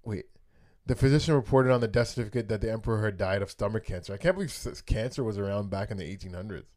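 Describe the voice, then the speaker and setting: Low-voiced man reading facts in casual chat. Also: fast, a little mellow, no room sound, studio quality. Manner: reads history facts aloud, swears casually, hesitant fillers. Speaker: podcast co-host.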